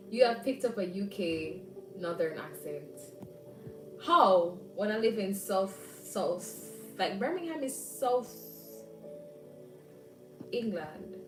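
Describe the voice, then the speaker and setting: Chatty and quick to laugh, this livestream host is originally from Jamaica and now lives in England, chatting from home as she reads viewers' comments out loud and fills her thinking with "um"s. She speaks slowly in an animated, medium-pitched voice, pausing often. Her phone or tablet sits at a distance, giving a roomy off-mic sound over loud background music.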